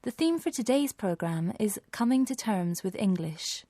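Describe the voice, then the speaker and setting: A woman announcing a programme, reading a scripted introduction in a smooth, formal way. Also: mid-range voice, big pitch swings, normal speed, dark tone, dry recording, studio quality.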